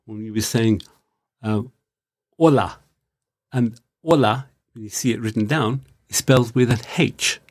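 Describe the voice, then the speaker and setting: A man hosting a radio language lesson in a studio, explaining clearly and carefully trying out new phrases. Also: medium pitch, darkish tone, no room sound. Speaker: radio program host and learner.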